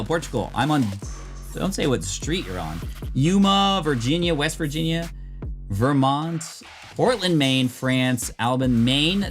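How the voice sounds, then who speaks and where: Upbeat male streamer, casual chat, mid-pitched voice, faint music behind. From United States. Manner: upbeat, chatty, reads chat aloud. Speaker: streamer opening card packs.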